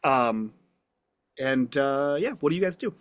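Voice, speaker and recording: A man's voice: mid-range voice, lively intonation, measured pace, no room sound. A man running a tabletop game as game master, describing scenes with many fillers.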